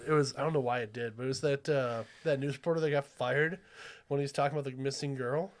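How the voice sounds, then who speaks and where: A male podcast guest who talks fast at a middle pitch. His casual chat runs on dark, offhand humor. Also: steady tone.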